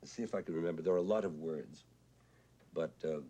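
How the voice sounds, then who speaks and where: An older man with a husky, whiskey-worn voice, reminiscing about his mentor in a thoughtful, unhurried way with hesitant fillers. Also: extremely low pitch, warm tone. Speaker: composer and conductor recalling a mentor. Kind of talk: reflective spoken reminiscence. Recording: 1970s television broadcast archive.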